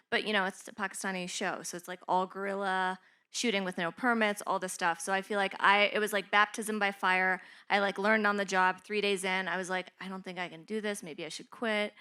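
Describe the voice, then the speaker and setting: A woman's voice: on the low side, bright, forceful tone, smooth. A woman producer on a panel, chatting frankly about how she started, with lots of "like". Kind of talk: casual panel chat.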